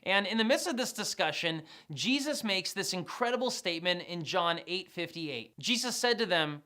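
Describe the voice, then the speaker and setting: A woman's voice: lowish voice, animated, normal speed, fairly bright tone. A woman giving an explanatory Bible lesson in a conversational, emphatic way. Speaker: Bible teacher.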